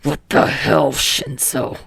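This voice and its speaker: Woman doing a gravelly, hot-tempered young hero. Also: low-pitched, level tone, extremely slow, dry recording, pitched below the performer's own voice, full character voice. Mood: shocked anger. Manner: snarling, swearing outbursts. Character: hot-tempered young male hero, brash and foul-mouthed. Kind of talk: fan audiobook reading.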